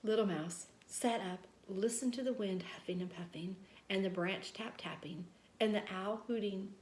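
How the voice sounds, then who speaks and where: A woman reading a children's story aloud, gentle and expressive. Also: medium pitch, moderate pace. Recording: roomy echo.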